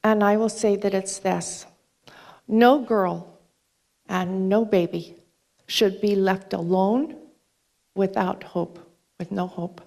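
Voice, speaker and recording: A woman's voice: medium pitch, fairly even intonation, vocal fry, darkish tone. A woman giving a talk onstage, earnestly retelling a conversation by quoting each exchange. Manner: earnest, retells dialogue with quick quoted exchanges. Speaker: speaker at a charity talk event. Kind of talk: storytelling talk to an audience. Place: stage before an audience.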